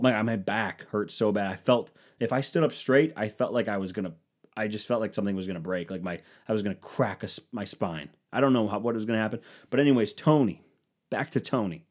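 A man telling a crude, animated comic story about laying a floor, acting out his friends' lines in low mumbles. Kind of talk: profane comedic storytelling.

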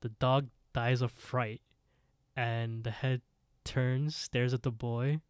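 A man's voice: mid-range voice, flat delivery, takes it slowly, smooth, no echo, clean studio sound. A man co-hosting a podcast, retelling a scary story in casual chat with lots of fillers. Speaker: podcast co-host.

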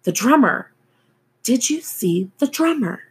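A woman's voice: a little high, big pitch swings, slow, slightly rough, voice pushed up, heavily acted. Woman voicing a tipsy, bitter grieving woman. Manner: slurred, drawling.

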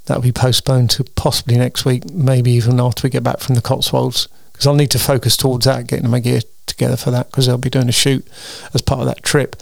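A man's voice: medium pitch, level tone, brisk, creaky, hardly any pauses, dry recording, studio quality. A tired man hosting his weekly solo show, chatting in a meandering way with frequent ums and restarts. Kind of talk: casual rambling monologue.

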